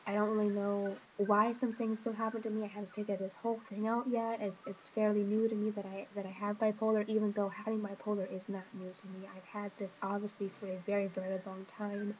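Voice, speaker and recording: A woman speaking to camera in a personal confessional vlog, hesitant and emotional, stopping often with pauses and fillers. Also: medium pitch, little pitch movement, a little mellow, muffled recording, slight background noise. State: emotional, hurting. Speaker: vlogger.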